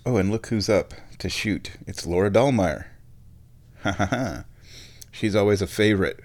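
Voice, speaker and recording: Low-voiced man rambling casually. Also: normal speed, a little mellow. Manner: meandering, thinks aloud, searches for words. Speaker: vlogger. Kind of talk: casual rambling chat while watching sport.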